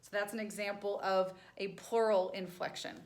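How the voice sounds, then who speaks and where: A woman's voice: mid-range voice, steady tone, normal speed. Woman teaching in an echoey room. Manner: explains patiently, with many "right?" checks. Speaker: sign language teacher. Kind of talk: classroom lecture.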